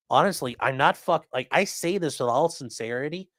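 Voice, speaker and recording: Pitched on the high side, the man speaks with lively intonation at a moderate pace, hardly pausing, his tone a bit bright in echo-free studio sound. As host of a crime news livestream, he's blunt and casual, occasionally profane, and reads viewers' comments aloud.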